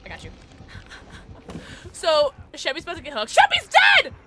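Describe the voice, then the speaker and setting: A young adult woman streamer giving excitable live gameplay commentary, shrieking and laughing through chases. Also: sits high, moderate pace.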